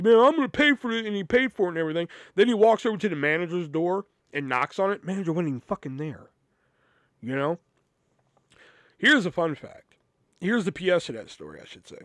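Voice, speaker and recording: A man's voice: high-pitched, dry recording, clean studio sound. A man hosting a podcast, telling work stories in a casual, profane, rambling way and acting out the people he quotes. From Iowa. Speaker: podcast host. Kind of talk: casual storytelling.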